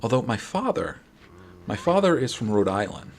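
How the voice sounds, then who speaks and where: A man's voice: mid-range voice, sing-song, moderate pace, slight background noise. A man from New York with a New York accent, chatting casually and rambling with his stream viewers late at night. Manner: rambling, friendly, many restarts. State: late-night, a little wired. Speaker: game streamer.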